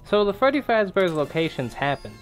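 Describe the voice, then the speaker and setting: A young man giving casual, rambling gameplay commentary, excitable and swearing now and then. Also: high-pitched, fairly quick, faint music behind. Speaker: gaming YouTuber.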